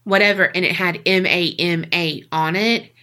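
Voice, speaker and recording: A woman co-host narrating a strange tale in loose, conversational podcast style. Her voice is bright and forceful, and she swears casually as she goes. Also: lowish voice, fairly even intonation, normal speed. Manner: chatty, swears freely. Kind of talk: casual storytelling.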